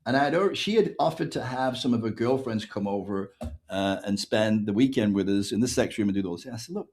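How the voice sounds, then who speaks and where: An English-accented man from England, a guest author on a podcast, tells a story with animation and acts out the quoted dialogue. He speaks quickly in a lowish voice.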